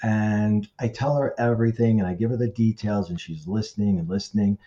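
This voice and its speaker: Low mellow-voiced man telling a story. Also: a little fast, lo-fi sound. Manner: animated, acts out quoted voices with pitch shifts. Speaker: guest telling a personal story. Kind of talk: casual spoken storytelling.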